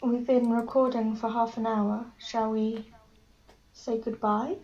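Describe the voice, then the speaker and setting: A woman's voice: on the high side, level tone, a little slow, a little mellow, lo-fi sound. A woman in her late teens from England co-hosting a casual podcast, giggly and self-deprecating. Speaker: podcast co-host. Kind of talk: casual chat.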